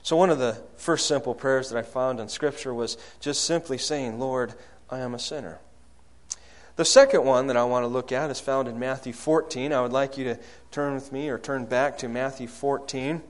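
A man preaching a sermon, asking the congregation questions and swinging from loud, high calls to low, soft lines. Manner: rises loud and high when acting out quoted prayers, drops low and soft on key lines.

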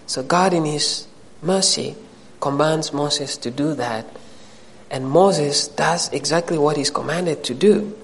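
A man preaching a sermon with animated, rising emphasis, his voice sitting a little high for a man. He presses his points with direct questions to the congregation. The sound carries a long hall reverb. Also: takes it slowly.

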